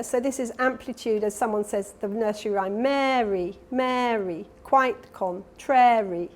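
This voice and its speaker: Older woman, higher register, conference keynote; explanatory lecturer walking an audience through slides. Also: darkish tone. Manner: explanatory, talks through slides, demonstrates sounds. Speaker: professor giving a keynote lecture. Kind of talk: academic lecture. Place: conference hall.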